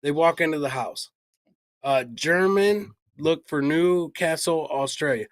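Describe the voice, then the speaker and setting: A middle-aged man co-hosting a podcast, telling a true-crime story in a loud, profane, jokey way. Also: on the high side, measured pace. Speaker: podcast co-host. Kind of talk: casual true-crime chat.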